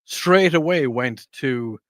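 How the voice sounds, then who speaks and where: A man's voice: mid-range voice, expressive, slow pace, fairly bright tone, no echo, clean studio sound. A man co-hosting a radio show, playful and teasing. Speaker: radio co-host. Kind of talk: casual on-air banter.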